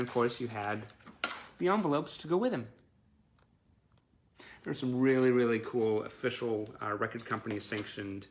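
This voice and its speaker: A man's voice: mid-range voice, gravelly, a bit bright, a little hiss or hum. A man who collects band memorabilia, chatting casually on a live stream and showing off his items, enthusiastic and full of fillers.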